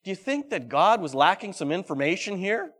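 A man preaching a sermon. He reads scripture aloud dramatically and keeps asking the congregation questions, swinging between loud and hushed delivery. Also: high-pitched, very animated, fairly quick. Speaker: pastor.

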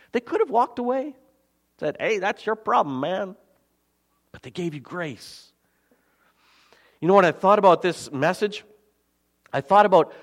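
Male pastor preaching, lively pitch, slightly high voice, big echoing hall. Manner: expressive, swings from loud emphasis to quiet asides. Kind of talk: sermon. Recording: long hall reverb.

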